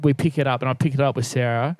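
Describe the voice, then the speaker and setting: A man's voice: mid-range voice, steady tone, very fast, a little hiss or hum. A young man co-hosting a podcast, telling rambling anecdotes with plenty of swearing and acted-out quotes. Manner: rambling storyteller, swears freely, acts out quotes. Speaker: podcast co-host. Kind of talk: casual chat.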